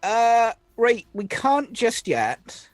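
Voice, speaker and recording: A woman's voice: fairly high pitch, sing-song, very slow, no echo, soft background music, heavily acted. A woman voicing a tiny, boastful male alien engineer in a tabletop role-play, blustering and calling everyone mate. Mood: chatty.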